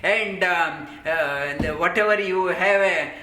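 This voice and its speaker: A man's voice: high-pitched, slow pace, bright, forceful tone, a little hiss or hum. A man teaching a scripture class, explaining verses in an earnest, repetitive way. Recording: roomy echo.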